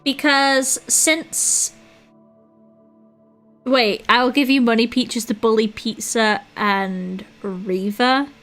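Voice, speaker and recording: A woman's voice: on the high side, fairly even intonation, takes it slowly, fairly bright tone, soft background music. A woman with a British accent chatting casually on a live drawing stream, teasing her viewers, swearing freely and giggling often.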